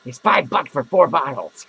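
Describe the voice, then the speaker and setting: Man doing a drunk clown, gravelly, high-pitched, foul-mouthed, slurring, rambling, comedy monologue. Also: pushed and bright, a little hiss or hum, heavily acted, rough recording. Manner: slurring, rambling, swearing constantly. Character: drunken foul-mouthed adult male clown, hot-tempered. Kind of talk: improvised character comedy monologue.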